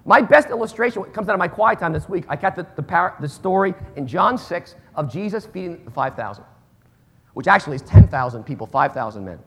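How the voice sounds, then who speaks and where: Animated gravelly male pastor preaching. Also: high-pitched, brisk. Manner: animated, swings between hushed asides and loud emphatic bursts. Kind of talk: sermon.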